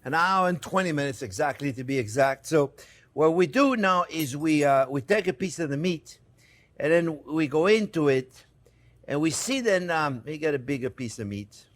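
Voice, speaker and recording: A man's voice: on the high side, expressive, moderate pace, no echo. A man, a chef giving a casual cooking demonstration in his kitchen. He keeps calling his viewers "friends" and laughs easily. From France. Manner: chatty, repeats "friends" often, laughs easily.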